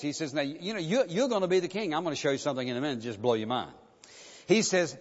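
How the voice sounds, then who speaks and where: A man's voice: on the high side, lively intonation, fast. A man preaching a sermon, reading scripture aloud and pressing his listeners with questions. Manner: expository preaching, reads scripture then challenges hearers. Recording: dull sound with long reverb of a hall.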